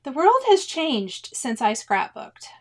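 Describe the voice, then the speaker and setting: High-pitched 40s woman chatting on a stitch-along stream, laughs a lot, super chatty. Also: sing-song, slow. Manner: chatty, laughs often, exclamatory. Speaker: cross-stitch livestream host. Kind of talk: casual chat reading live comments.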